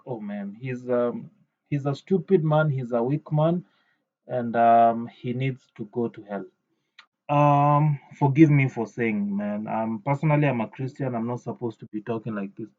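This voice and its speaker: Indignant male commentator, halting and filler-heavy, mid pitch, muffled lo-fi sound. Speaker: reaction commentator. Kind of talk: ranting reaction commentary. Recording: dull lo-fi recording.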